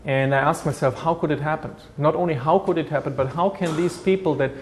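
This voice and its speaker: A man's voice: fairly high pitch, steady tone, fairly quick, slight background noise. A man from Germany with a German accent, telling his life story in an earnest, reflective way, often restarting his sentences. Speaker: guest recounting his life. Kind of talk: personal testimony.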